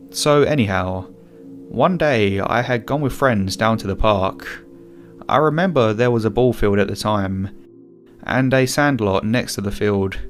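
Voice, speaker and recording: A man reading a first-person horror story aloud in a calm storytelling manner. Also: lowish voice. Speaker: narrator. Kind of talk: scripted narration.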